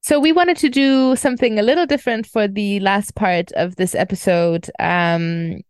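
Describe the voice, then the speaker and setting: A woman co-hosting a podcast, talking casually in a gentle, hesitant way with frequent pauses and fillers. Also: mid-range voice, smooth, faint music behind. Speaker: podcast co-host.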